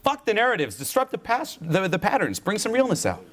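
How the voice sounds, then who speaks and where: A man's voice: high voice, wildly swooping pitch, a little fast, fairly bright tone. Pushy, profane man coaching a speaker. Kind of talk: live coaching session.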